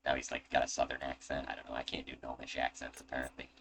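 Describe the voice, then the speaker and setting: A man's voice: a bass voice, monotone, quick pace, vocal fry. A man narrating and running a tabletop game as game master, casual and joking, with swearing asides. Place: home. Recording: noisy home recording.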